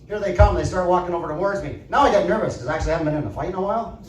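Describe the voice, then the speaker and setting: A man performing a stand-up comedy set in a club, telling deadpan stories and tagging lines with "right?". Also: high-pitched, racing, recorded from a distance. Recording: echoey club audio from afar.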